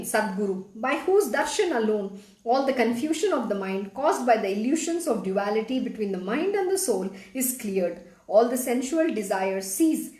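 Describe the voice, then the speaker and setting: A woman's voice: on the high side, a little mellow, echoey room. A woman reading a devotional scripture aloud and explaining it in an earnest, emphatic way. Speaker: spiritual teacher reading scripture.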